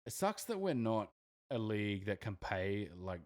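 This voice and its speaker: A young Australian man with a very low, deep voice rambles through a casual podcast chat. He leans on fillers and restarts as he thinks aloud. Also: very animated, moderate pace, crowd noise. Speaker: podcast co-host.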